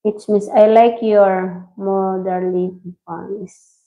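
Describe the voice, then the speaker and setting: A woman's voice: mid-range voice, flat delivery, slow. A woman hosting a casual livestream, reading viewer comments and greeting them by name in simple English. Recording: dull lo-fi stream audio.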